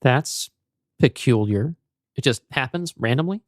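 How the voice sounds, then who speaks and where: A weary, lonely loner speaks calmly and plainly, in a mid-pitched man's voice, as a man reads him. The sound is dry and close with no room echo. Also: a little slow, natural voice. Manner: calm, tired, matter-of-fact. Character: weary lonely grown man, a creature watcher. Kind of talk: podcast story reading.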